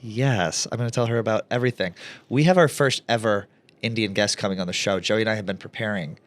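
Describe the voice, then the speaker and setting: A man's voice: lowish voice, quick pace, dry recording. A man co-hosting a comedy podcast in a campy, teasing, casual way. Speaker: podcast co-host.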